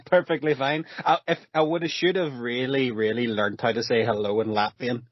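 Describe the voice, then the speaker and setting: A man's voice: medium pitch, fairly even intonation, normal speed, no echo, lo-fi sound. A man co-hosting a casual movie podcast who laughs often and jokes at his own expense. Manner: laughing, self-mocking. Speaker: podcast co-host. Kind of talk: casual chat.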